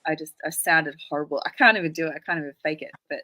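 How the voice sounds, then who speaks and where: A woman's voice: deep voice, racing, sharp tone, dry recording, low-quality recording. A woman from Australia hosting a casual live stream, chatty and full of rambling anecdotes. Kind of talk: casual chat.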